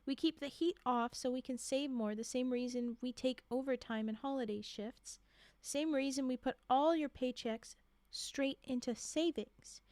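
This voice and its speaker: A woman voicing a gentle, tearful middle-aged mother in a read-aloud holiday story, speaking softly and from the heart. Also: high voice, normal speed, dry recording, natural voice. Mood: tender.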